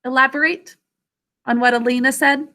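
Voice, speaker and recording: A woman teaching a spelling lesson to children over a video call, sounding out each syllable slowly and deliberately. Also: high voice, steady tone, pushed and bright.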